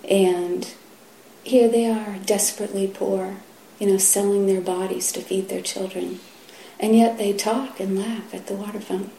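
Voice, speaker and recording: A middle-aged woman giving a Zen dharma talk, soft and halting, often sinking to a whisper. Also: medium pitch, steady tone, vocal fry, a little hiss or hum. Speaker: Zen teacher. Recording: roomy hall echo, faint ambience.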